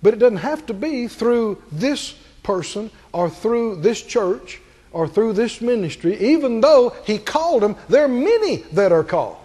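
A male pastor preaching a sermon to a congregation, asking them questions and climbing to high, emphatic peaks. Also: very animated, measured pace, warm tone.

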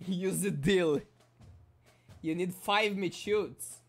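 Guy narrating his game, mumbles then gets loud and hyped, faint music under it. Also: high voice, drawn-out words. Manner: excitable, swings from muttering to shouting. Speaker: gaming YouTuber. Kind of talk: casual gameplay commentary.

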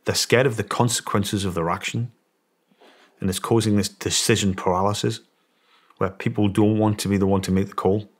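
This former soldier, a middle-aged man from England, speaks British English in a fairly low, brisk voice with a breathy edge. Guesting on a podcast, he animatedly recounts a story in interview form, performing the quoted voices.

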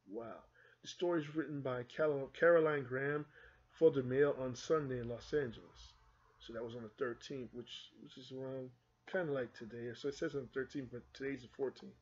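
A man's voice: mid-range voice, fairly even intonation, a little fast, breathy edge, highs cut off. A man from the United Kingdom who speaks with a mixed Jamaican and American accent, giving casual rambling commentary and reading an article aloud to his viewers. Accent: Jamaican-American mix. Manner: rambling, conversational, restarts often. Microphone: phone or computer mic.

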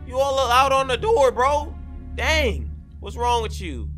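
An excitable young man hosts a game role-play, full of slang and loud reactions. His voice sits very high for a man. Music plays clearly under his talk. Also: slow pace. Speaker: gaming channel host. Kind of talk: Minecraft role-play commentary. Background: background music.

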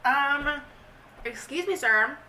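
A woman's voice: sits high, lively intonation, slow pace, bright, forceful tone, far from the mic. A young woman vlogging in a casual, rambling, giggly way. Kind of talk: casual vlog chat.

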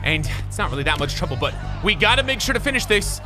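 A young man commenting on his own gameplay, excitable and joking, tired from a long session. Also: high-pitched, fast talker. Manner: excitable, yelling at the game, crude jokes. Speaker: gaming YouTuber. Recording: loud game music behind.

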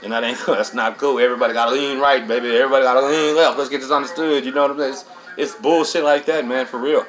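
A man's voice: mid-range voice, fairly even intonation, fast talker, a bit bright, rough recording. A middle-aged man hosts a casual storytelling monologue, streetwise and profane, dropping "man" into nearly every line. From Texas. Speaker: host.

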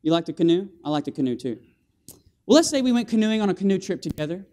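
High-pitched guy preaching in a church, super animated, asks for amens, does boom sounds. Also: fast talker. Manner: animated, with call-and-response and vocal sound effects. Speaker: guest preacher. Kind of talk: lively evangelistic sermon. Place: church sanctuary.

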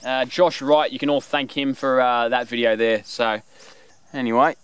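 A man's voice: medium pitch, normal speed, clean tone, no echo. Rambling man talking bushcraft. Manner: rambling, relaxed, full of fillers. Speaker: bushcraft vlogger. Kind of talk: casual explanation with animal call demos.

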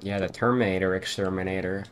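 A man with a fairly low voice chats through a horror game as he plays, cursing freely and puzzling things out aloud. Faint noise sits under his voice. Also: fairly even intonation, fast. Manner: casual, swears often, thinks aloud. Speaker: streamer playing a horror game. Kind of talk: casual let's-play commentary.

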